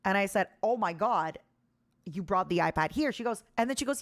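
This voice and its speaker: Animated woman streamer telling a story. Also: a little fast. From Ukraine, raised in Canada. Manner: animated storyteller, jumps high and loud when amused, laughs often. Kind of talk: casual live-stream chat.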